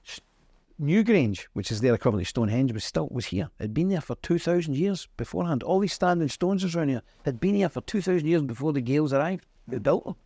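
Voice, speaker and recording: A man's voice: lively intonation, fast, dark tone, no echo, studio quality. A middle-aged Northern Irish man, an interview guest telling history in an emphatic, storytelling way. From Northern Ireland. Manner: emphatic, storytelling, swings in pitch. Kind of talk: conversational interview.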